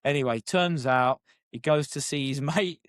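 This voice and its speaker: A man co-hosting a casual wrestling podcast, relaxed and chatty, laughing often and trailing into fillers. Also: on the high side, moderate pace, clean tone, no room sound, clean studio sound. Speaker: podcast co-host. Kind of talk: casual wrestling review chat.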